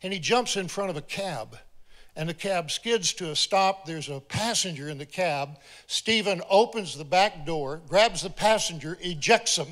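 A middle-aged man preaching a sermon, telling a story with lively acted-out quotes. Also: high voice, a little slow. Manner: animated storyteller, acts out quoted voices.

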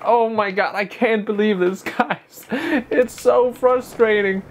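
This streamer's high-pitched voice moves slowly yet barely pauses as he plays through a skateboarding game. He grumbles in exclamations and self-mocking remarks, in let's-play style, over a noisy recording.

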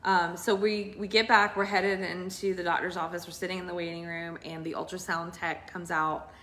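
Lady in her 30s sharing her story, earnest and emotional, kinda low voice. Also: normal speed. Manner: emotional, earnest, animated retelling. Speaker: co-host sharing a testimony. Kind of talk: casual testimony storytelling.

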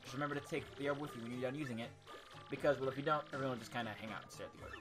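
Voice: medium pitch, fairly even intonation, rapid-fire, close to an everyday voice. A woman voicing a cranky old elder creature who scolds and lectures in a bossy way, with game music playing behind. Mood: instructing.

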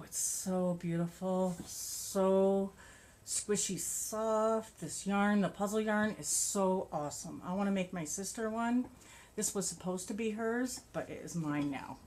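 A vlogger with a medium-pitched, darkish voice chats casually about her crochet projects and yarn in show-and-tell fashion. She gushes and laughs often, sounding a bit out of breath.

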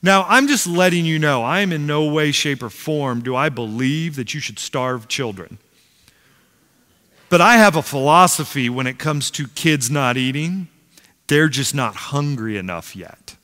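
A man's voice: on the high side, a little slow. A middle-aged man preaching a sermon as pastor, telling stories with humor and acting out the voices in them. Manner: animated storyteller, acts out quotes, self-deprecating humor. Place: large church sanctuary. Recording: long hall reverb.

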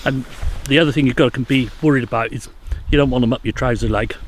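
A man's voice: medium pitch, fast, a little hiss or hum. A man guiding a river trip, explaining outdoors in a thoughtful, hesitant, knowledgeable way. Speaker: paddling trip guide.

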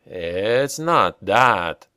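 A man reading the part of a dead father who returns, speaking slowly and gently like a patient old dad. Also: lowish voice, expressive, smooth, no room sound, studio quality, full character voice. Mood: calm. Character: calm, ghostly older father smoking a pipe.

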